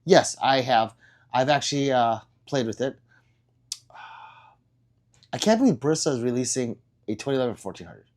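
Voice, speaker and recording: Excitable, blunt man with a lively voice. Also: medium pitch, moderate pace, long pauses. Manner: blunt, profane and excitable, with sudden loud outbursts. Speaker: livestream host. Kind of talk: casual livestream chat, answering viewer comments.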